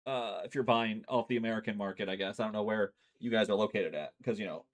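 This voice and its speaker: He has a lowish voice and talks quickly, casually walking viewers through a card game during a home stream. The chat is relaxed and talkative, with plenty of swearing.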